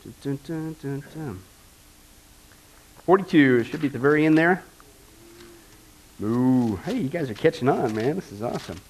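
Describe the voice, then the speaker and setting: A man teaching a Bible lesson in an animated, jokey, conversational preaching manner. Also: medium pitch, brisk, pauses often, husky.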